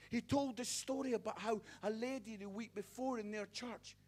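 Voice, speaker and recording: A middle-aged preacher with a strikingly high voice delivers a sermon through personal stories. He speaks with passion and pushes his voice toward shouting at the peaks. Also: normal speed. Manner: passionate storytelling, rising to near-shouts.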